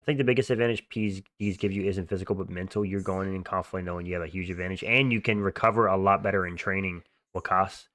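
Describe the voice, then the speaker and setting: A man's voice: low-pitched, fairly even intonation, quick pace, hardly any pauses, fairly bright tone, dry recording, clean studio sound. A young man hosting a livestream, chatting casually and answering viewer comments in slangy, offhand talk. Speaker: livestream host.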